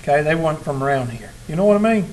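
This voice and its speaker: A man's voice: on the high side, lively intonation, very fast, darkish tone, slight background noise, rough recording. A man, a college instructor talking casually and teasing his class in a classroom. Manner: folksy, teasing storyteller.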